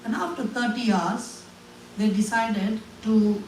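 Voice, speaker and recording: A man from India, telling a personal testimony to an audience in an earnest, halting way. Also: high voice, darkish tone, faint music behind. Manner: earnest storytelling with halting restarts. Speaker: guest speaker. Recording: echoey room, voice from a distance, faint ambience.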